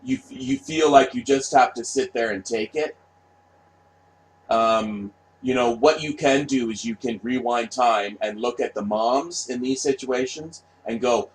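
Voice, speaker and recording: A man's voice: mid-range voice, unhurried, poor audio. Blunt, profane man ranting. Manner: profane, blunt, repetitive, asks "right?" often. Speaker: vlogger. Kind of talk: ranting monologue.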